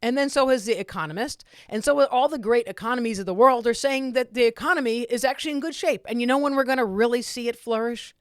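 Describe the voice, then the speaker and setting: A woman's voice: a little high, fast, few pauses, dry recording, clean studio sound. A woman hosting a podcast, talking casually and with exasperation about politics, often restarting her sentences. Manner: animated, exasperated, many restarts. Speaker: podcast host. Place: comedy club.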